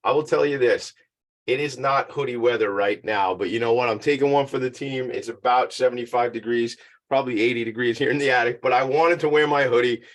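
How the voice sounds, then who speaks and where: A man's voice: medium pitch, fairly quick. A man hosting a podcast from his home attic studio, chatty and upbeat, joking about himself, a bit out of breath. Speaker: podcast host. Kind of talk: casual talk-show intro.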